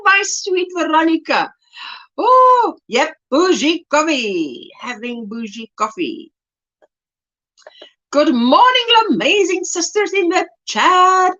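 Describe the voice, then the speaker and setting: A woman's voice: high voice, a bit bright, lo-fi sound. A woman hosting a casual livestream, bubbly and laughing often as she reads chat comments aloud. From South Africa. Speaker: livestream host.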